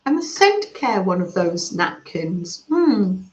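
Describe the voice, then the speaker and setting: A woman gently chatting with her livestream viewers and reading their comments aloud, with soft murmurs and coos. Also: medium pitch, very animated, takes it slowly. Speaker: craft livestream host. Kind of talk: casual chat reading live comments. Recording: slightly dull sound in an echoey room.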